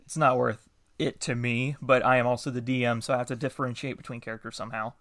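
A man's voice: mid-range voice, level tone, quick pace, a bit bright, dry recording. A man hosting a casual interview, speaking briefly and encouragingly. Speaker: podcast host, game master.

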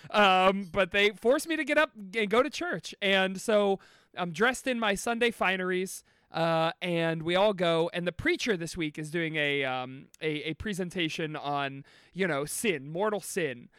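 A man's voice: sits high, measured pace, fairly bright tone, clean tone, dry recording, studio quality. A man on a comedy podcast, playful and loose, laughing often while telling stories. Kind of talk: comic storytelling and banter.

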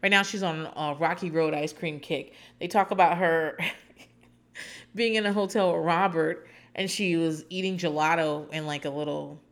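A woman hosting a podcast, recapping a reality show in casual, rambling chat with sarcastic asides. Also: sits low.

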